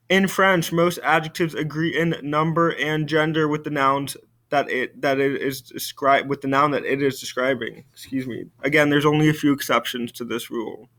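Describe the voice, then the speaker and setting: A man, a French teacher giving a recorded video lesson, slowly modeling words for students to repeat. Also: a little high, pushed and bright. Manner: slow, careful model pronunciation for students to repeat.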